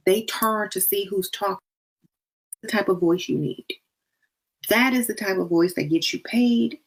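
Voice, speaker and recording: A woman hosts a casual talk offering advice on dating and self-worth, blunt, playful, and colloquial, occasionally switching into a sweeter, higher voice to demonstrate how it's done.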